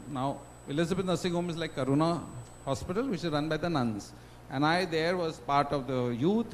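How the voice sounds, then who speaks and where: A middle-aged man with an Indian English accent giving an emotional personal testimony as a guest speaker, with dramatic swings in loudness. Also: on the high side, a little hiss or hum, low-quality recording. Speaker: guest speaker at a student induction.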